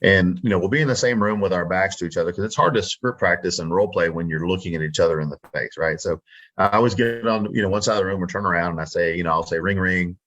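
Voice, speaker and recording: A man's voice: low-pitched, quick pace, fairly bright tone, muffled recording. A Texan man, a real estate wholesaler, chatting confidently in an interview and acting out his phone scripts. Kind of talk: casual interview talk.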